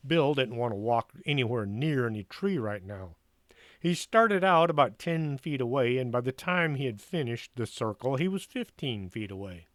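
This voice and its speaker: Male storyteller, animated, expressive read-aloud; dry, close mic. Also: medium pitch, normal speed, no echo.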